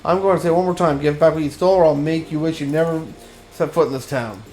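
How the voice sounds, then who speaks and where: A greedy merchant threatens and sneers in a loud, pushy voice, read out by a man playing a video game. His voice sits a little higher than a typical man's. Faint game music plays behind. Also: steady tone, fast, natural voice. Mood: menacing.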